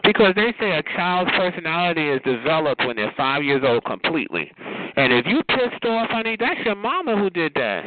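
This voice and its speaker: A man's voice: on the high side, sing-song, a little fast. A man hosting a call-in show with flamboyant, sassy banter, calling everyone child and honey. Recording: tinny noisy phone line.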